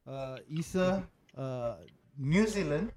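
A man's voice: on the high side, expressive, slow, crowd noise. A man hosting a casual podcast, joking around and swearing freely. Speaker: podcast host. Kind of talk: casual chat.

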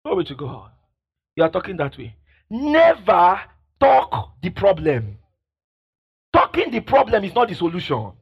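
High, gravelly preacher, lo-fi. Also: male voice, wildly swooping pitch, measured pace, long pauses. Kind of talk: fiery sermon. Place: church service with congregation. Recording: dull lo-fi recording.

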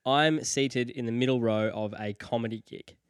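Young male podcast co-host, lively storyteller, dry close-miked sound. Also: normal speed, clean tone, dry recording. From Australia. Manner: animated storyteller, jumps high when acting out quotes. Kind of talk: casual chat.

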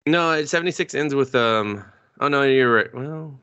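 Bright-voiced man riffing crudely. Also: mid-range voice, normal speed, smooth, dull audio. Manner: crude, profane, mocks scenes with put-on quotes. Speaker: podcast co-host. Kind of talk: casual podcast chat.

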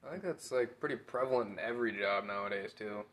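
Minnesota guy ranting blunt n joking, kinda low voice. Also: quick pace, a bit bright. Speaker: podcast co-host. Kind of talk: casual chat.

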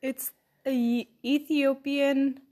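A slightly high-voiced woman co-hosts a casual podcast. She talks in a halting, giggly way, often losing her words and starting over. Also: little pitch movement, dark tone. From Irish. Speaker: podcast co-host. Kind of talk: casual chat.

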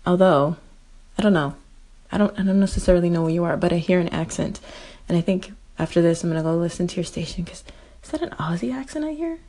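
A woman with a dark, mellow voice and a gravelly edge leaves a gentle voice message. She talks softly and affectionately. Her pitch sits low. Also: lively intonation, fast talker. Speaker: fellow podcaster calling in. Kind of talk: casual voice message.

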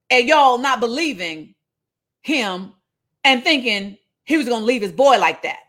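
A woman preaching in a relaxed, conversational sermon style. She tells the scripture playfully, acting out voices as she goes. Her voice sits a little high and jumps about a lot. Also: measured pace. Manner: animated, playful retelling with voiced asides. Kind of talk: casual sermon.

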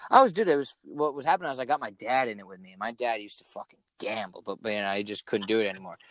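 A young man in casual chat, swearing often and telling stories with animated energy. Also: lowish voice, very fast, dry recording. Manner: swears a lot, animated storytelling.

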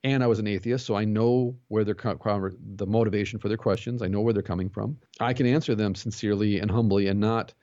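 A low-voiced man talks quickly and earnestly as a guest on a podcast, a pastor who teaches jiu-jitsu. He tells his stories with lively quoted dialogue. The sound is dry and a little muffled. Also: no room sound. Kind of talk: conversational interview.

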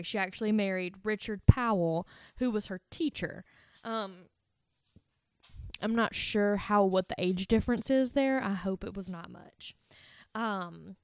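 Woman podcast host, casual storyteller, swears freely, fills pauses with um, dry sound. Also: mid-range voice, clear, resonant tone, dry recording. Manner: chatty and profane, many ums.

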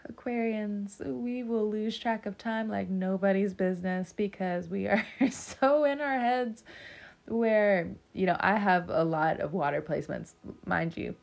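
Woman, tarot reader, casual to-camera reading, mid-pitched voice, talkative and giggly. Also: a little slow, creaky. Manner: chatty, laughs often, rambling asides.

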